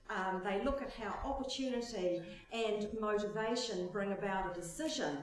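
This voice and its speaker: A woman social scientist giving a relaxed, joking conference talk with plenty of filler words. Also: mid-range voice. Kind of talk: conversational conference presentation. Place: large lecture hall. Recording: very echoey hall, mic at a distance.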